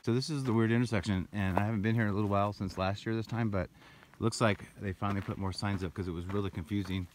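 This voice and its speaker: A man's voice: fairly low pitch, steady tone, quick pace, few pauses, noisy background. A man narrating his hike in a casual trail vlog, rambling as he walks and points out the route, outdoors on a mountain trail, recorded on a handheld camera. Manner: rambling, breathy while climbing, pointing out the route. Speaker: hiker vlogger. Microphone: handheld camera while walking.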